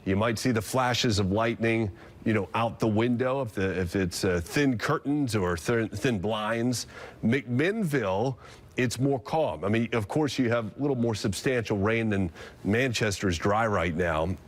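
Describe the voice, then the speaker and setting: Low-voiced man calling live storm radar. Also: a little slow. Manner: explanatory, thinking aloud with fillers and restarts. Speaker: TV meteorologist. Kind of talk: live severe weather coverage.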